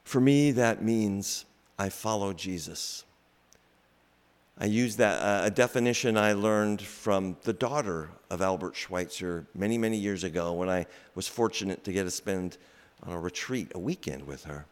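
A man preaching a sermon slowly and reflectively, with pauses. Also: low voice. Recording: long reverb in a large hall.

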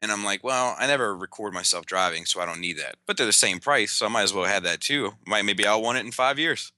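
Rambling man with a low, bright voice. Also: quick pace, no room sound, clean studio sound. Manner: rambling, filler-heavy, many likes and ums. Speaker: podcast co-host. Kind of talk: casual podcast banter.

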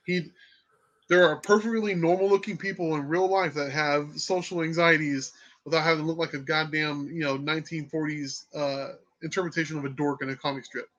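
A man chatting casually about movies, emphatic and excitable, with a habit of swearing. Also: fairly high pitch, a little fast, highs cut off.

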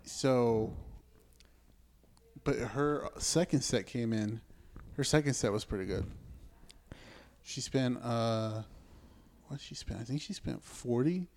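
A man in casual chat as co-host, joking and crude, full of quick asides. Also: medium pitch, a little mellow.

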